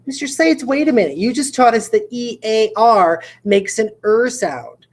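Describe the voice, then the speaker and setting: A woman's voice: a little high, unhurried, pitched above the performer's own voice. A woman voicing a surprised young student who thinks they have caught the teacher in a mistake, with a startled, protesting manner.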